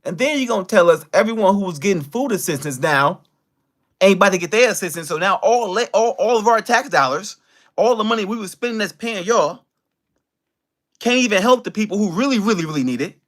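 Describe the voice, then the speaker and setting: Brief: a high-voiced American man on a livestream, furious and profane, talking straight to his chat. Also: lively intonation, fairly quick. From United States. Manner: heated and profane, with big swings in pitch and loudness. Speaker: livestream host. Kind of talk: angry livestream rant.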